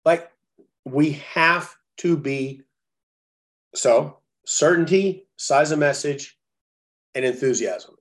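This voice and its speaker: A man coaching chiropractors in a blunt, profane, animated way, telling stories. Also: fairly high pitch, slow pace, long pauses. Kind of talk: profane coaching talk on a call.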